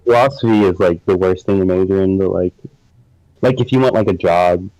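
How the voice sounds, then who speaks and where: A man's voice: sits low, brisk, dark tone, dry recording, rough recording. A young man co-hosting a casual live stream chat, rambling with lots of filler words and frequent laughter. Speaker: podcast co-host.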